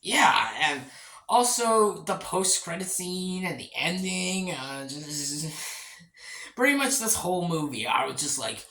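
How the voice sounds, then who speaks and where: A rambling reviewer with a gravelly, bright voice talks through a movie in a loose, casual way. The pitch moves a lot as they repeat themselves and trip over words. The sound carries the echo of a bare room. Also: expressive, slow pace. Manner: rambling, repeats itself, restarts phrases, swears and laughs often.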